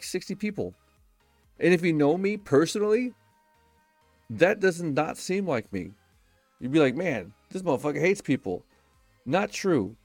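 A slightly high-voiced young man talks into a close, dry mic. He runs a casual solo podcast full of blunt, profane advice and acted-out quotes. Soft music sits low behind him. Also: dry recording. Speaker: podcast host.

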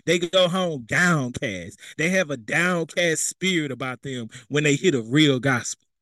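A man's voice: fairly high pitch, animated, a little slow, pushed and bright, dry recording. A young man preaching a sermon, talking plainly and conversationally, slipping into casual street phrasing and acting out what people say. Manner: conversational preaching with vernacular asides and quoted voices.

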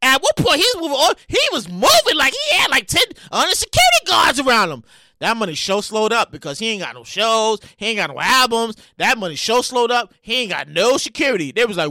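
A man hosting a solo podcast in casual, profane commentary, often restarting and repeating phrases and breaking into loud reenactments. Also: very high-pitched, big pitch swings, a little fast, no echo, studio quality. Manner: bursts into loud acted-out reenactments. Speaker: podcast host.

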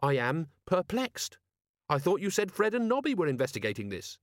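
A man puts on an earnest young male watch captain, dutiful and keen to help. The voice sits a touch higher than the storyteller's own and is read close to the mic. The room adds no echo at all. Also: wildly swooping pitch, normal speed. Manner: polite, dutiful, eager.

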